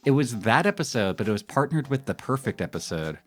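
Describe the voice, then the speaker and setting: A live streamer in his thirties chats casually with his viewers, rambling in an animated way and often breaking into laughter. His voice is medium-pitched and his pace brisk.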